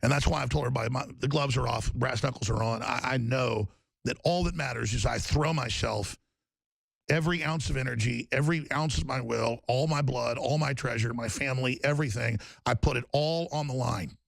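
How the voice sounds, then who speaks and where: A talk radio host in his forties, ranting in an impassioned, shouting tirade to his audience. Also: mid-range voice, a little fast, no room sound. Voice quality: gravelly. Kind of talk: ranting talk show monologue.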